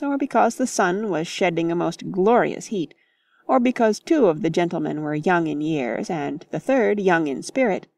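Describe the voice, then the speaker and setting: Low-voiced woman reading a classic novel. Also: a little mellow, no room sound. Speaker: audiobook narrator. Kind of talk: scripted narration of a classic novel.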